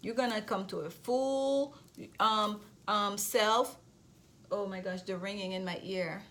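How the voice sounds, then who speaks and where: A woman's voice: medium pitch, steady tone, slow pace, a bit bright. A woman with a noticeable accent giving an intuitive tarot reading to camera. She talks reassuringly, often restarts her phrases and checks in with her listeners. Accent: non-native accent. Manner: repetitive, reassuring, frequent restarts and check-in questions. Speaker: tarot reader.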